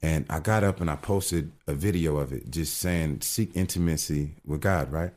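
Middle-aged man, very low voice, earnest restart-heavy faith storytelling on a casual talk show. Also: normal speed, a little mellow. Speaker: guest telling his testimony.

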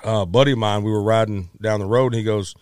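A middle-aged man, a musician, telling a story in a casual, animated way, acting out quotes with many restarts. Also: fairly low pitch, quick pace, clean tone, no room sound, clean studio sound.

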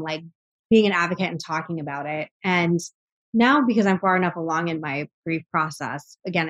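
A woman's voice: low voice, dull audio. A woman guest on a podcast, speaking earnestly and reflectively about grief, often breaking into short laughs. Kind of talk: candid conversational interview.

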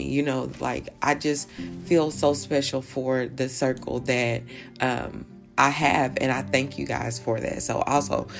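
A woman's voice: extremely low pitch, gravelly. A woman hosting a podcast, chatting casually with playful asides and laughs. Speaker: podcast host. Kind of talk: casual chat.

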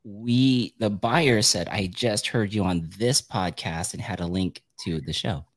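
A man's voice: lowish voice, measured pace. A man hosting a podcast in casual chat, upbeat and chatty, laughing often. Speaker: podcast host.

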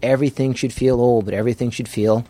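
A man guest on a casual podcast chat, telling profane, animated stories and acting out quotes of others. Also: medium pitch. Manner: fast, storytelling, profane, acts out quotes. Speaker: film director, guest.

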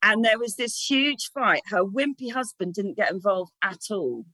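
Woman, 30s, guest, candid sweary storytelling, bright voice, dry close sound. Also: mid-range voice, lively intonation, normal speed, no echo, poor audio. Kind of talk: casual chat.

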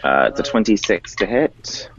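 A man with a very low voice plays a tabletop game, counting his moves out loud at an unhurried pace. His pitch swings widely, and the recording sounds dull and lo-fi. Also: sing-song, crowd noise. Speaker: player.

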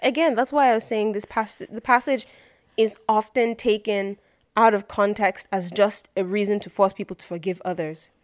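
A woman co-hosting a casual faith podcast, blunt and joking, with quick asides. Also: medium pitch, fairly even intonation, no room sound, studio quality. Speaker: podcast co-host.

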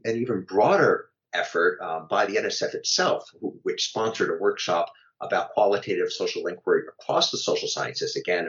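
A man, an author and guest, giving measured academic answers in an interview, with fillers and restarts. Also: low-pitched, fairly bright tone, lo-fi sound.

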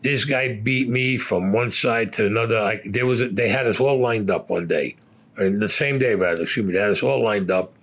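A man's voice: lowish voice, normal speed. An older man from Brooklyn, bluntly telling profane stories about his past and acting out the dialogue. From Brooklyn, New York. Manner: blunt, swears constantly, acts out quoted dialogue. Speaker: interviewee. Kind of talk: profane personal storytelling.

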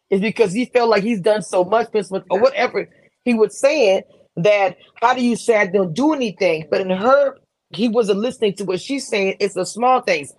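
A woman's voice: mid-range voice, poor audio. A woman on a review panel in casual chat, cutting in with repeated interjections to defend her point. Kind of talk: casual show recap chat.

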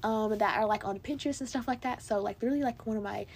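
Young American woman, bubbly solo podcast host, slightly high and husky, mellow tone. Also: fast talker. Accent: General American. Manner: bubbly, gushing, lots of "like" and "literally". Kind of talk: casual solo podcast chat.

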